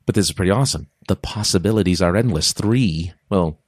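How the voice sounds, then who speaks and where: A man's voice: low-pitched, fairly quick, no echo, studio quality. A man telling a rambling personal story in a casual monologue to his listeners, often cutting himself off mid-sentence. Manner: rambling, self-interrupting, animated storytelling.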